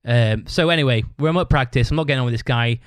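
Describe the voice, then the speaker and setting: Swearing bloke telling a story. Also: male voice, mid-range voice, fast talker, smooth, no echo. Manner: swears constantly, rambling; acts out other people's shouted lines. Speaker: podcast host. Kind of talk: casual storytelling monologue.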